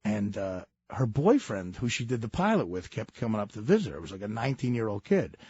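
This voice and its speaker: A man co-hosting a radio talk show, telling stories in a casual, animated way and laughing as he goes. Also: lowish voice, a little fast, breathy edge, highs cut off. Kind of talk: casual storytelling.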